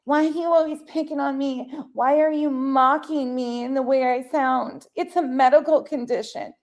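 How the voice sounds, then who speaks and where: Woman mimicking a shrill, whiny grown woman playing the victim; mocking, high. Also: fairly even intonation, normal speed. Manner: mocking, whiny and self-pitying.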